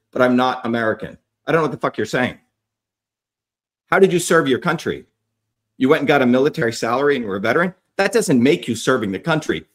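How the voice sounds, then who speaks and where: A middle-aged man ranting angrily at his viewers, swearing and insulting commenters by name. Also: medium pitch. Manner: profane, shouting insults at commenters. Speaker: online commentator. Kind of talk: angry rant to viewers.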